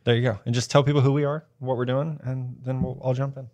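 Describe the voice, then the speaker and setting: A man's voice: mid-range voice, flat delivery, fast, darkish tone, dull audio. Easygoing male sports podcast host. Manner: easygoing, joking banter. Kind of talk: casual sports chat. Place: office.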